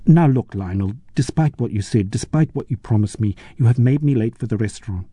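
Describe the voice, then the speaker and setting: Storybook figure: composed woman restaurateur, soft-spoken and firm , read by a man with a dark, close voice. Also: medium pitch, animated, brisk, slightly rough, no room sound. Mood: impatient. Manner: gentle but firm, matter-of-fact.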